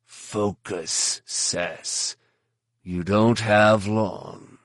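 Male narrator playing a low, slow, dry-spoken bounty hunter, blunt and sardonic. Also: steady tone, a bit bright, dry recording. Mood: curt.

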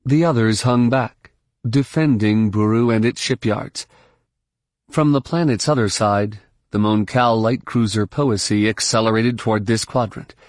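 A man narrating an audiobook in a steady, measured storytelling voice. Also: fairly low pitch, dry recording, clean studio sound. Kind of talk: scripted narration.

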